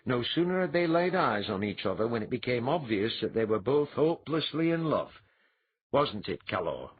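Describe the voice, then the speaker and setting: A man's voice: mid-range voice, big pitch swings, normal speed, slightly rough, phone-quality sound. A man voicing a genial, courtly clan chief in an audiobook reading. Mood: reminiscing.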